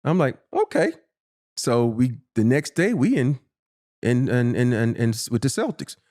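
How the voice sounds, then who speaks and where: Guy in his 50s telling a wild locker room story, cussing a lot, gets loud and high when he quotes people. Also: moderate pace. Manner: animated, profane, acts out quotes in a raised voice. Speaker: podcast guest, former pro basketball player. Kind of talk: casual storytelling.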